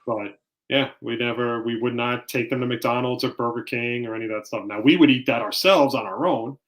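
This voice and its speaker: A man, co-hosting a casual sports podcast and telling family stories with lively acted-out quotes. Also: medium pitch, fairly quick. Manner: animated storytelling, acts out quoted lines. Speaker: podcast co-host. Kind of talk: casual chat.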